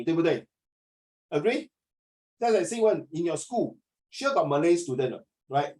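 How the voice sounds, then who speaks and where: A man's voice: fairly high pitch, mellow, poor audio. A Singaporean man teaching a class, chatty, slipping Chinese into his English and acting out little dialogues. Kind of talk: classroom lesson.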